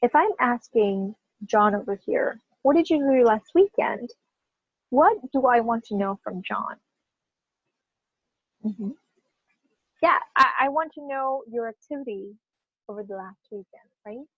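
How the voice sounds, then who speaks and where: A woman with a fairly high, slightly husky voice teaches pronunciation to a class. She stresses key words with emphasis and keeps checking in with her learners. The recording is dry and a bit muffled. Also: a little slow, pauses often, no room sound. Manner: animated, emphatic, checks in with "right?" often. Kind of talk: classroom lesson.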